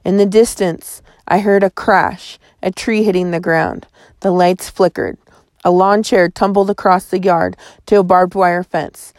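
A woman's voice: fairly low pitch, fairly even intonation, unhurried, darkish tone, no echo, studio quality. A woman reading a story aloud as an audiobook narrator, in vivid first-person storytelling. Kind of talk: scripted narration.

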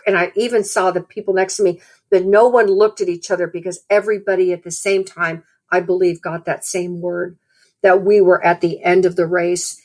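Earnest woman preaching a testimony. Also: medium pitch. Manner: earnest, rambling storytelling with fillers. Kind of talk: personal testimony turning into sermon.

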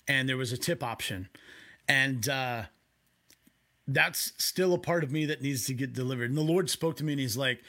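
Guy giving a chatty home sermon, mid pitch, keeps breaking off into asides. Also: bright, forceful tone. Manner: conversational, quick asides and self-interrupting. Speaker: pastor.

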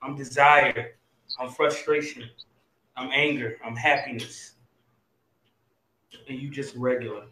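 A man's voice: mid-range voice, steady tone, measured pace, pauses often, bright, forceful tone, echoey room. A man hosting a podcast in casual chat, joking and teasing and laughing often. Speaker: podcast host.

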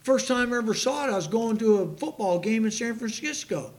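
Older male preacher, high-pitched voice, emphatic sermon delivery, trips over difficult names in scripture. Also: expressive, brisk. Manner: emphatic, impassioned, with sudden loud outbursts; stumbles over hard names while reading aloud.

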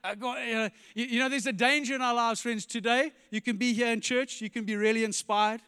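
A pastor preaching an animated sermon, firing rhetorical questions and dropping to quiet emphasis, in a church. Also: male voice, very high-pitched, brisk, smooth, big-room sound.

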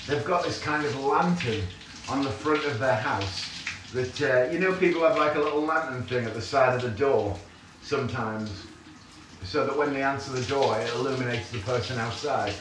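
A man hosting a podcast, telling a story in a chatty, animated way with casual fillers. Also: medium pitch, moderate pace, background noise. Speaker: podcast host. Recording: echoey room.

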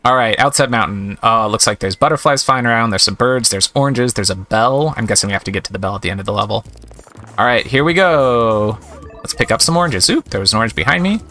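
A man's voice: mid-range voice, lively intonation, fast, sharp tone, faint music behind. A man giving casual, chatty gameplay commentary, amused and thinking aloud as he plays. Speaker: let's-play host.

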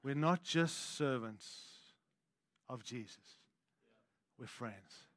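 A male pastor delivers a sermon, moving between quiet, intimate lows and loud, forceful declarations while tossing conversational asides to his congregation. He draws out his words, and the recording is dry.

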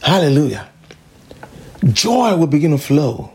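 A woman's voice: low-pitched, expressive, normal speed, a little mellow, slightly rough. A woman pastor preaching a sermon, emphatic and repeating declarations again and again.

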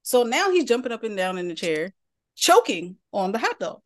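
A woman's voice: on the high side, moderate pace. A woman, a podcast co-host telling a family story in casual chat, laughing as she goes. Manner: animated storyteller, laughs mid-sentence.

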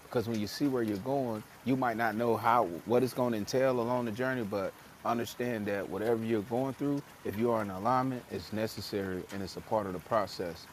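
A man's voice: lowish voice, steady tone, brisk, few pauses, slight background noise. A man on a casual motivational podcast, talking emphatically in slang and acting out voices when he quotes people. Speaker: podcast co-host.

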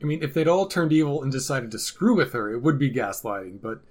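A man's voice: medium pitch, lively intonation, fast talker. Man with dry, sarcastic humor. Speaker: podcast co-host. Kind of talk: casual chat about a TV episode.

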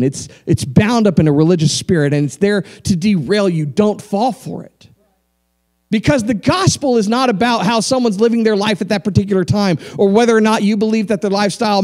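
High-voiced pastor preaching a sermon. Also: male voice, a little mellow. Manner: reads scripture aloud, then adds blunt everyday asides.

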